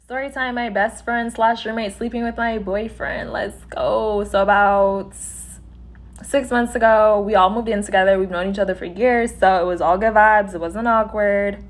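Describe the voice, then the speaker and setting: A woman telling a casual storytime and acting out the other people's dialogue with lively energy. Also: medium pitch, normal speed. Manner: animated, acts out quoted dialogue.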